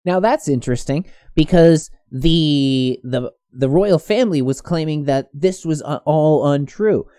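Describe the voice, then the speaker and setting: Guy ranting over news clips, dark mellow voice, dry close sound, lots of restarts. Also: fairly high pitch, unhurried, few pauses, clear, resonant tone, no echo. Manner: rambling, many restarts and fillers. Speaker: commentary host. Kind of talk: casual political commentary.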